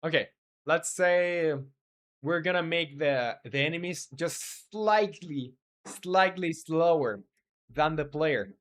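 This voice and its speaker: A man's voice: a little high, animated, takes it slowly, fairly bright tone. A man talking casually while streaming game development, reading chat aloud and rambling with many fillers.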